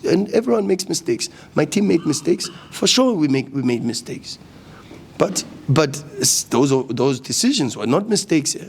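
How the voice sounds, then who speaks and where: A football coach, a man in his thirties, talks at a post-match press conference. His voice sits a little high for a man. He is passionate and repeats words as he gets worked up. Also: very animated, moderate pace, breathy edge. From South Africa.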